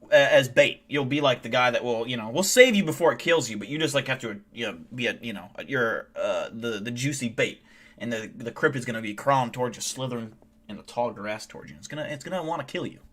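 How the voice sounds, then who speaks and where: A man streaming live, telling wild stories in animated, profane, casual chat. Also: medium pitch, fast.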